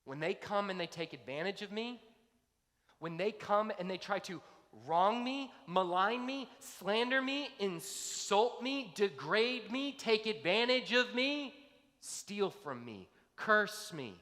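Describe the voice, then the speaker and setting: A pastor preaching a sermon, piling up long lists with mounting emphasis. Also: male voice, high-pitched, animated, slow pace, pushed and bright. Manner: emphatic, building intensity through long lists. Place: church sanctuary. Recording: long hall reverb.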